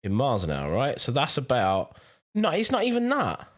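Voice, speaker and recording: A man's voice: medium pitch, huge pitch swings, moderate pace. A man hosting a casual podcast chat, teasing and swearing as he laughs along. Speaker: podcast host.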